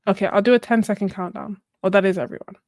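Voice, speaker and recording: A woman's voice: medium pitch, steady tone, fast, darkish tone, no echo, studio quality. A woman hosting a casual art livestream, chatting, laughing often and thinking aloud. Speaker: art channel host.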